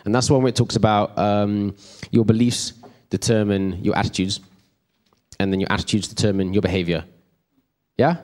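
A man's voice: lowish voice, steady tone, normal speed, a little mellow. A man teaches a church group in an easy, conversational way. He rambles off on side stories and keeps checking in with his listeners. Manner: chatty, rambling, checks in with the room. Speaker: preacher.

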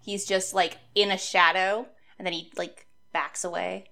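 A woman's voice: lowish voice, level tone, measured pace, vocal fry, bright, forceful tone. Chatty woman podcaster who laughs a lot. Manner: laughs often, chatty and enthusiastic. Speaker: podcast co-host. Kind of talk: casual book recap chat.

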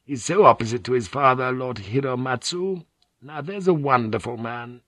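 A man voicing a courteous, gently effusive middle-aged noblewoman in an audiobook, speaking softly. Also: mid-range voice, normal speed, no room sound. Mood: admiring. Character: gracious middle-aged Japanese noblewoman, gossipy and sly. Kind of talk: audiobook character voice.

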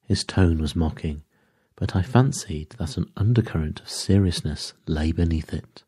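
Man, narrator, sleep story, measured, very low pitch, husky. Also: mellow, no echo, studio quality. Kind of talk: scripted sleep-story reading.

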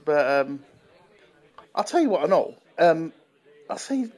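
A British man chatting casually as a podcast co-host. His voice sits fairly high for a man, and he stumbles and restarts mid-thought. He perks up and goes animated whenever he quotes someone. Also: unhurried. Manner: hesitant, restarts often, animated when quoting. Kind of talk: casual chat.

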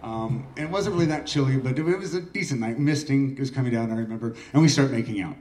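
A man's voice: mid-range voice, quick pace, darkish tone, a little hiss or hum. Man in his forties telling a rambling story. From Oregon, US. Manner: rambling, self-deprecating, swears freely. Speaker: open mic host. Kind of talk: casual personal storytelling. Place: small art gallery room. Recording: echoey room, mic far off.

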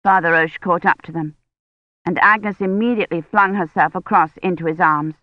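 A woman narrating an audiobook in a measured, even storytelling manner. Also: on the low side, dry recording, dull audio. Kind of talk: scripted narration.

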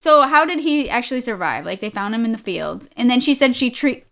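A woman's voice: a little high, animated, fairly quick, gravelly, a bit bright. A woman co-hosting a casual movie podcast, asking questions and giggling. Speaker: podcast co-host.

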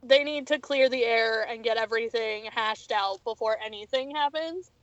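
A woman's voice: a little high, normal speed, fairly bright tone, no echo, lo-fi sound. A woman co-hosting a casual wrestling podcast, blunt and a bit exasperated. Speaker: podcast co-host.

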